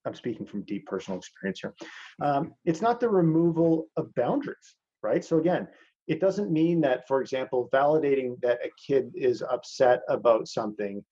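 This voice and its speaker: A man's voice: medium pitch, expressive, moderate pace, dark tone, slightly rough, dull audio. A man teaching a masterclass in casual talk over a video call. He is blunt, swears freely and calls his listeners "man".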